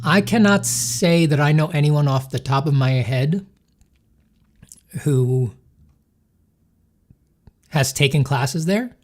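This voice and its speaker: A man's voice: fairly high pitch, slow, pauses often, a little mellow. A man chatting casually on a livestream while he draws, joking and rambling as he thanks supporters and answers questions from chat. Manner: joking, rambling, self-deprecating. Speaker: artist streaming while drawing.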